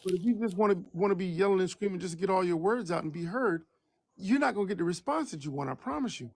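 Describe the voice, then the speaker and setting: High-toned man preaching on a live stream. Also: lively intonation, darkish tone, a little hiss or hum. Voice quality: baritone. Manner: preachy, emphatic, slow for stress. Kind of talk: casual live stream chat.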